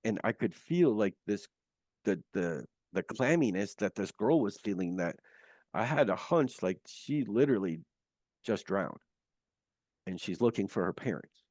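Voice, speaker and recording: A man recounting his near-death experience as an interview guest, earnest and halting with many restarts, on a video call. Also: fairly low pitch, lively intonation, darkish tone, no room sound, clean studio sound.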